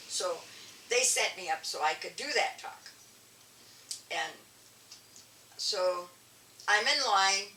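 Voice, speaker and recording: An older woman, a guest elder and artist, telling animated stories in an interview with frequent restarts. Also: fairly low pitch. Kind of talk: storytelling interview. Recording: echoey room, distant mic, faint ambience.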